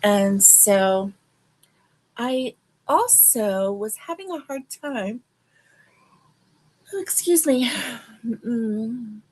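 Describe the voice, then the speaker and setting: Slow, chatty woman crochet streamer. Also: a little high, lively intonation, darkish tone. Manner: chatty and rambling, with many fillers; talks to viewers directly. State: yawning, a little sleepy. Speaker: crochet livestream host. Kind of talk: casual livestream chat.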